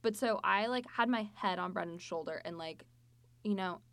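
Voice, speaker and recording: A woman chatting casually about a book and telling a story, full of fillers and lively asides. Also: mid-range voice, normal speed, gravelly, clear, resonant tone, dry recording.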